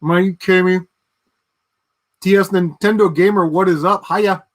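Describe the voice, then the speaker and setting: High-voiced man ranting on a livestream. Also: steady tone, moderate pace. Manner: ranting, profane, laughs at his own jokes. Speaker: livestream host. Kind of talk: casual livestream chat.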